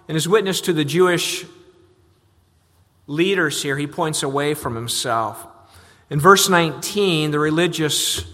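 Pastor preaching, bright pushy tone, repeats words a lot, big echoey church. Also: male voice. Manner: earnest, repeats words on restarts, voices questions with rising pitch. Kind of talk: expository sermon. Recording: long reverb of a large hall.

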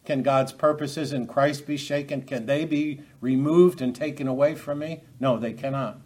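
A man's voice: mid-range voice, fairly even intonation, moderate pace, a little mellow. Man preaching a sermon, conversational. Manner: unscripted, many restarts, asks the audience rhetorical questions. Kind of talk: expository sermon.

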